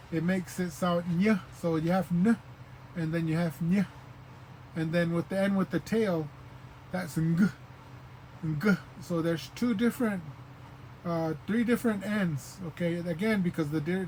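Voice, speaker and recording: A man giving an informal spoken language lesson, patient and repeating sounds slowly, with many fillers. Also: high-pitched, a little mellow, a little hiss or hum, poor audio. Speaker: language teacher.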